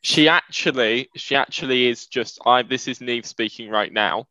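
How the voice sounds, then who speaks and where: A man's voice: normal speed, sharp tone, no echo, highs cut off. A young man, co-hosting a casual podcast, explaining things with dry humor. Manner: explanatory, dry humor, rants with rising pitch. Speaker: podcast co-host. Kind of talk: casual chat.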